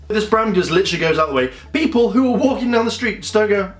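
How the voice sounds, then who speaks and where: A young man, chatting casually as a video reviewer and acting out scenes in quick little voices. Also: sits high. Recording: echoey room with faint music.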